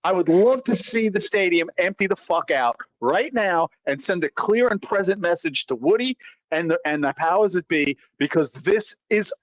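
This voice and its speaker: A man's voice: high voice, lively intonation, moderate pace, no room sound, muffled recording. A man co-hosting a sports stream, ranting crudely and swearing about his team. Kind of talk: casual sports chat.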